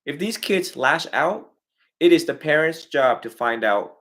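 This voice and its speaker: Animated man counseling a family. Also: a little high, a little slow. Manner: animated, swings loud and soft, acts out parents and kids. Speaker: Buddhist monk counseling a family.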